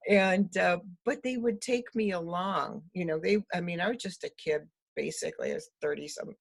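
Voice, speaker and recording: Older woman with a gravelly voice. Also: lowish voice, moderate pace. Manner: lively, laughs often, acts out dialogue. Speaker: interview guest. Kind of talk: storytelling conversation.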